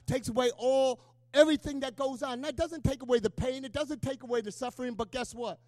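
High-voiced man preaching a sermon. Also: a little mellow, no echo. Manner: emotional, conversational preaching with call-and-response asides. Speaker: pastor.

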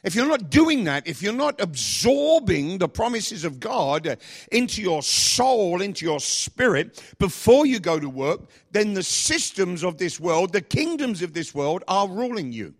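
A man pastor preaching a sermon, asking the congregation repeated questions and speaking with lively emphasis. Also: high-pitched, measured pace.

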